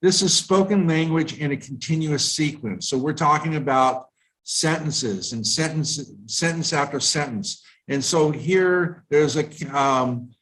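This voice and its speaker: A man's voice: a little high, a bit bright, poor audio. American man teaching an online lesson. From United States. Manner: explanatory, measured, with frequent fillers and restarts. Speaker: IELTS tutor.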